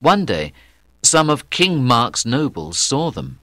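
A man narrating a graded-reader story with careful, deliberate reading. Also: medium pitch, sing-song, bright, forceful tone, no room sound, studio quality. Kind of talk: scripted audiobook narration for learners.

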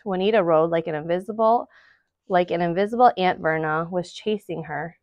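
A woman reading a children's novel aloud to school families, in steady storytelling narration. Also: on the low side, normal speed, no room sound. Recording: dull, dry lo-fi recording.

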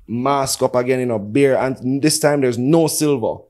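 A man's voice: mid-range voice, moderate pace. A man with a Jamaican accent, a podcast guest telling a story in casual chat and acting out the voices of the people in it. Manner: animated storyteller acting out quotes.

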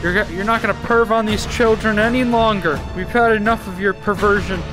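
A man's voice: high-pitched, fairly even intonation, a little fast, over loud music. A man giving jokey, profane gameplay commentary that breaks into yelps and screams when startled. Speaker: gaming YouTuber.

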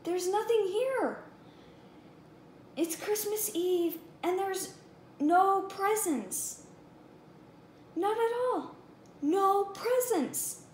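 Frantic little girl read by a woman, high and shrill, in an echoey room with faint hum. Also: slow pace, pauses often, mellow. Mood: distressed. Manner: pleading, rising to a wail. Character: anxious little girl searching for presents.

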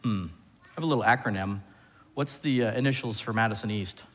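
Animated male pastor preaching in a reverberant church. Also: lowish voice, a little fast. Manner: animated, asks the congregation questions. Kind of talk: sermon. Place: church sanctuary.

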